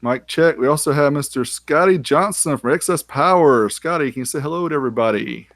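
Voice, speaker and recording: A man's voice: fairly high pitch, fairly quick, fairly bright tone, no room sound. A man co-hosting a live-streamed interview, upbeat and welcoming as he keeps the show moving. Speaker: podcast co-host.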